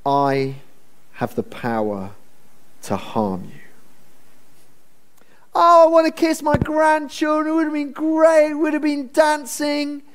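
A man's voice: very high voice, completely flat delivery, normal speed, hardly any pauses, voice pushed up. A man putting on an oily, scheming old father. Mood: mock sweet. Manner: oily, wheedling, turning threatening. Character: oily scheming older father, greedy and menacing.

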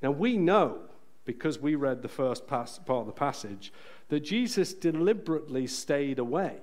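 A man preaching a sermon in a church, earnest and emphatic, slowing down to stress key phrases. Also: a little high, animated, darkish tone.

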